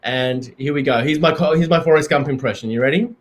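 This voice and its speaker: A man hosting a comedy live stream, talking in a halting, deadpan way with many fillers. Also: medium pitch.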